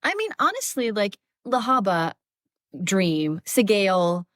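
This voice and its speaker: A woman's voice: medium pitch, sing-song, measured pace, a bit bright, no echo, clean studio sound. A woman audiobook narrator and actress, a guest chatting animatedly with many fillers. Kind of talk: casual interview chat. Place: Southeast Texas.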